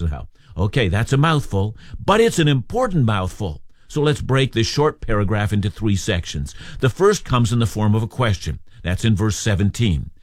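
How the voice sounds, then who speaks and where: A man teaching through a Bible passage in a measured, emphatic expository style, as on a radio Bible program. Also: lowish voice, lively intonation, dry recording, clean studio sound. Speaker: preacher.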